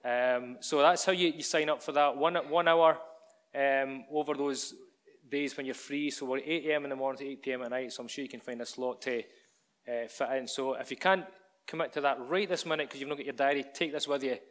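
Giving announcements and opening his sermon, a preacher talks to his congregation in a chatty, direct manner. His voice is mid-range and steady, and he speaks briskly.

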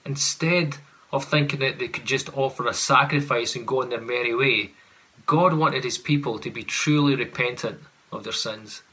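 Bright-voiced man preaching a sermon. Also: medium pitch, moderate pace. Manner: earnest, rhetorical questions, acts out sarcastic paraphrases.

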